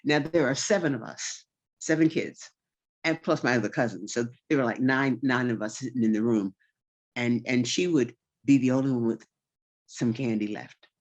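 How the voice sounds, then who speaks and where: A woman storyteller telling a childhood tale in a relaxed, folksy, conversational way, full of vivid detail. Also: extremely low pitch, moderate pace. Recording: slightly dull recording.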